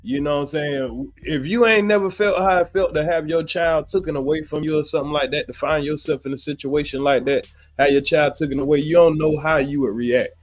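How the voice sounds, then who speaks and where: A man's voice: on the high side, fairly even intonation, a little fast, highs cut off, faint music behind. A man hosting a livestream, giving casual, rambling commentary packed with fillers. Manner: loose, rambling, heavy on fillers like you know what I'm saying. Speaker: livestream host.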